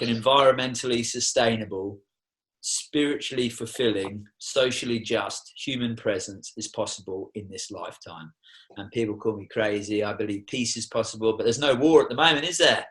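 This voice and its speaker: A man's voice: mid-range voice, normal speed, fairly bright tone, poor audio. Fired-up, swearing Australian man. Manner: passionate, heavy swearing, preachy. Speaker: podcast guest, tour guide. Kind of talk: casual podcast conversation. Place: podcast studio room.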